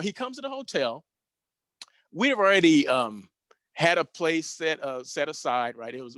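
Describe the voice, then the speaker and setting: Animated man in his fifties telling stories. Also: mid-range voice, dry recording. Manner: animated, leaning on tag questions. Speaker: host. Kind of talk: casual anecdote storytelling.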